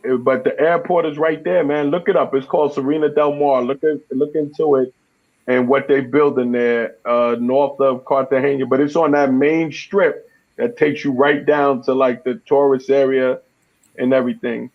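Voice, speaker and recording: A man chatting on a live talk show, animated and laid back, often tacking "man" onto the end of his lines. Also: mid-range voice, normal speed. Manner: animated, says "man" a lot. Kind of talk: casual live show chat. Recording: dull lo-fi sound.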